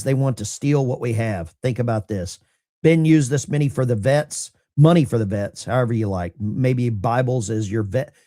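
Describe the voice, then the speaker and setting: A man's voice: mid-range voice, darkish tone, dry recording, clean studio sound. A middle-aged man, a veteran, hosting a casual livestream and reading viewer mail in a blunt, salty, self-mocking way.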